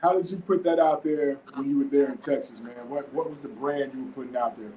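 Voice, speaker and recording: Male podcast host from Florida, relaxed conversational delivery, mid-pitched voice, faint background hiss. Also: brisk, poor audio. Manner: laid-back, frequent fillers like "man" and "you know". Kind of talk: casual podcast interview.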